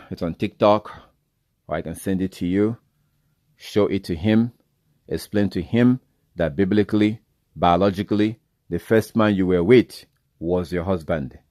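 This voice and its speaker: A man's voice: low-pitched, warm tone, dry recording, studio quality. A man giving an informal sermon as a bible teacher, blunt and exhorting, often repeating himself.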